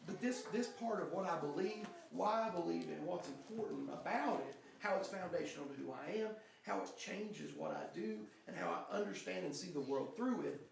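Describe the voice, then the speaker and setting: Young guy preaching, kinda high voice, chatty storytelling, lots of restarts, big echoey church, mic far off. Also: lively intonation, fairly quick, vocal fry, few pauses, a little hiss or hum. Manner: earnest storytelling, conversational, with frequent restarts. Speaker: pastor. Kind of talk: sermon with personal story. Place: church sanctuary.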